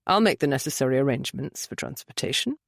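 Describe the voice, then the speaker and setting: A woman voicing a calm, commanding older male duke who speaks flatly and with dry authority. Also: extremely low pitch, quick pace, vocal fry, dry recording, voice pushed down, full character voice.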